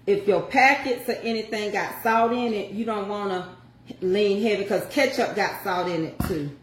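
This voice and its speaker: A woman's voice: medium pitch, moderate pace. Chatty older woman cooking in an echoey kitchen. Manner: chatty, folksy, talks to viewers. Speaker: home cook showing a recipe. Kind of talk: casual cooking chat.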